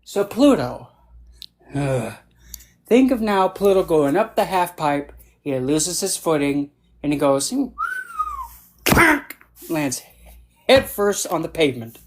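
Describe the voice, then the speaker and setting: A man on a video call, a panelist telling playful, jokey stories and acting out the voices. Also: a little high. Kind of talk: casual panel talk.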